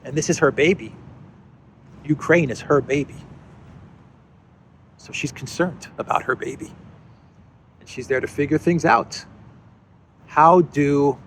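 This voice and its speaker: A man hosting a casual news commentary, his voice sitting a little above the usual male range. He sounds sarcastic and mocking, and he pauses often with fillers as he talks things through. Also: a little high, a bit bright, a little hiss or hum. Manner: sarcastic and mocking, with frequent hesitations. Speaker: host of a political commentary channel.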